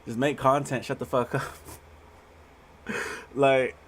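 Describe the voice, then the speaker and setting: A man's voice: medium pitch, little pitch movement, slow, a little hiss or hum. Blunt, profane man reading tarot. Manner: blunt, profane, laughs often. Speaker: tarot reader. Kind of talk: casual livestream tarot reading.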